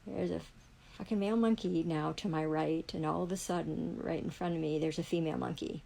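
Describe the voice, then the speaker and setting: A woman rants in fury, swearing in nearly every line. Her voice sits low and gravelly, with a husky, rough edge. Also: fairly even intonation, fairly quick, warm tone, low-quality recording. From Canada. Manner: heavily profane, furious ranting. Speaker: livestreamer. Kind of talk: angry livestream rant.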